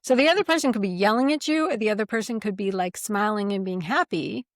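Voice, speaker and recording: A woman's voice: medium pitch, quick pace, no echo, clean studio sound. A woman co-hosting a podcast, explaining ideas animatedly and acting out quoted reactions. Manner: animated, acts out quoted voices. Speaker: podcast co-host. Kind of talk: casual conversation.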